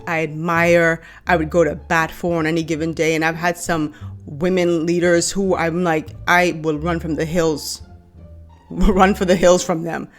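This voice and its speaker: A woman in her thirties from the Bahamas with a Bahamian accent, giving blunt opinions in a casual vlog and speaking straight to her viewers. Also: lowish voice. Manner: blunt, animated storyteller who addresses viewers directly. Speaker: vlogger.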